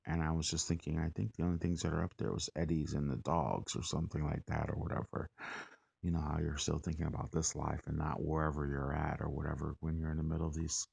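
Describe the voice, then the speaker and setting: A man's voice: extremely low pitch, gravelly, a little mellow, slightly rough, dry recording. A man vlogger casually recounting a story, rambling and using lots of fillers. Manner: loose, filler-heavy, conversational.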